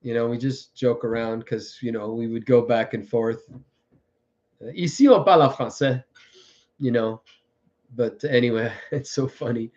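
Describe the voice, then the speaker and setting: A man hosting a live stream, talking in a meandering, halting way with many fillers and repeated words. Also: medium pitch, little pitch movement, warm tone, lo-fi sound. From French background. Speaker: livestream host. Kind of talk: rambling live-stream monologue.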